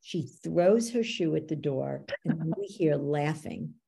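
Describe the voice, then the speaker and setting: A woman coach explaining how beliefs work, teaching through lively anecdotes and acting out what people said. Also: sits low, takes it slowly, vocal fry, breathy edge. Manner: animated storyteller, acts out quoted dialogue. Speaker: belief coach, podcast guest.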